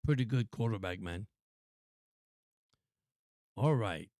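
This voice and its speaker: A man hosting a live stream, giving casual, excitable play-by-play commentary. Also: fairly low pitch, takes it slowly, dry recording, studio quality. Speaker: sports stream host.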